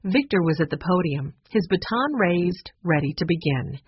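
A woman narrating a storybook with a low, husky voice. The recording is muffled and lo-fi. Her telling is steady and even. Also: normal speed. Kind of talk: audiobook narration. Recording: muffled lo-fi audio.

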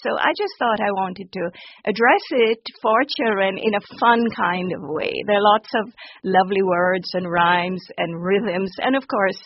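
A woman's voice: mid-range voice, no room sound. Woman, close dry lo-fi sound. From Jamaica. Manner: warm, enthusiastic, laughs often. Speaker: children's author. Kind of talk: radio interview answers. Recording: dull lo-fi broadcast audio.

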